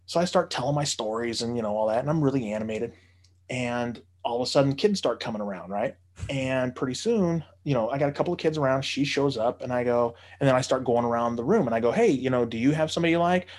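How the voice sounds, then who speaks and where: A man telling a casual anecdote, animated, swearing freely and acting out the voices of the people he quotes. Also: mid-range voice, quick pace. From United States.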